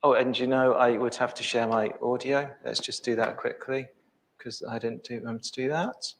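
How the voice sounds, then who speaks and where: A middle-aged man presenting a live software demo, thinking aloud with many ums and restarts. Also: medium pitch, fairly even intonation, normal speed.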